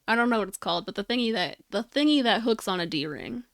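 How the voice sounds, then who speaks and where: A woman streamer talks casually while she works on a craft, rambling, losing her words and filling gaps with silly sound effects. Her voice sits a little high and is recorded dry and close on a desk mic at home. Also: expressive, fast, gravelly, no echo.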